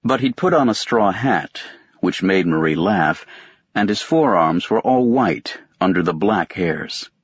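A man with a very low, slightly husky voice reads a novel in the first person. His delivery is measured and detached. The recording is dry and close, with a somewhat muffled, dull tone. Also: animated, dry recording. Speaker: audiobook narrator. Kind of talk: scripted narration.

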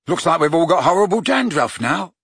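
Sheepish, casual teenage boy, read by a male narrator, muttering his lines in a husky storybook voice. The sound is dry and close to the mic. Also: on the high side, very animated, fairly quick, fairly bright tone, dry recording, pitched above the performer's own voice, heavily acted. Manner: sheepish, mumbling.

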